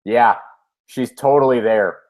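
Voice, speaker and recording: A man's voice: medium pitch, measured pace, darkish tone. A man hosts a casual comic book podcast and asks his co-host for a recap. He speaks hesitantly, with many filler sounds and frequent laughter.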